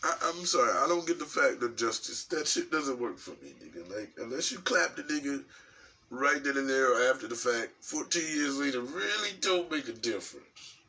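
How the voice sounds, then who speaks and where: A man from New York talking in a casual, rambling commentary vlog, profane and animated, with frequent restarts. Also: mid-range voice, normal speed. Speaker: vlogger. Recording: distant mic with faint background noise.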